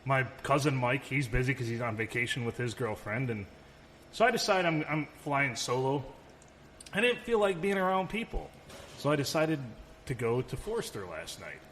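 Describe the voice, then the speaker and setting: A man's voice: medium pitch, very animated, moderate pace, fairly bright tone. A man co-hosting a podcast in casual chat, telling rambling stories and swearing freely. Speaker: podcast co-host. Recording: long reverb, faint room noise.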